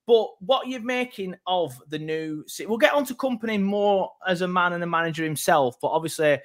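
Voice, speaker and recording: A man hosts a football podcast in a relaxed, jokey way. He rambles and restarts, and his voice sits slightly high. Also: a little fast. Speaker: podcast host. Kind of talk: casual football podcast chat.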